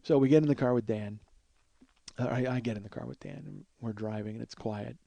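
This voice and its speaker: A man's voice: mid-range voice, a little fast, creaky, dark tone, no room sound. A man in his forties hosting a comedy podcast, telling a rambling, profane, self-deprecating story. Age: 40s. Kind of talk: storytelling monologue.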